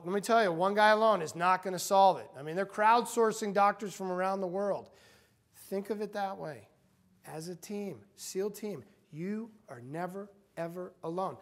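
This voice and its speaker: A middle-aged man giving an energetic motivational talk to a university group, acting out quotes as he goes. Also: sits high. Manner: energetic, animated, acts out quotes. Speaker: guest speaker. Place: university meeting room.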